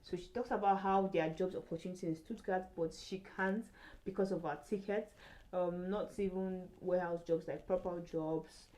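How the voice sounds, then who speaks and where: A woman's voice: lowish voice, fairly even intonation, moderate pace, dark tone, poor audio. A young adult woman vlogging in casual chat, rambling with many fillers and restarts.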